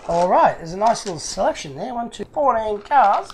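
A man's voice: high voice, sing-song, normal speed, slight background noise. A man hosting his own channel, chatting casually and with delight as he unboxes fan mail, chuckling often.

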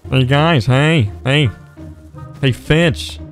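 A man's voice: mid-range voice, drawn-out words. Brash taunting male gamer, music behind. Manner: brash, taunting, crude jokes. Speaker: streamer trolling players. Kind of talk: casual gameplay chat.

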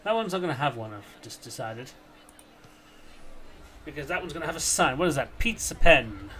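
A young man chats his way through a building game, rambling and half-talking to himself. His fairly high voice swings widely and breaks into goofy shouts. A faint hiss sits under the recording. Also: big pitch swings, normal speed. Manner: chatty, rambling, bursts into silly shouts. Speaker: gameplay commentator. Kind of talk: casual let's-play commentary.

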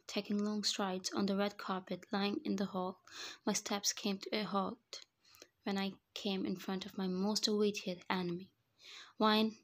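A woman narrating a first-person fan fiction story in a flat, even reading voice. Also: medium pitch.

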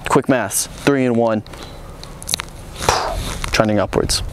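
A man co-hosting a sports comedy show, talking in brash, rapid trash-talk banter. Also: mid-range voice, very noisy.

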